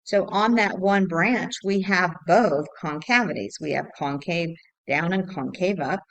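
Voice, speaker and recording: Woman teacher, low voice, patient, repetitive, thinking aloud, recorded lesson. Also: unhurried, poor audio. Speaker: math teacher.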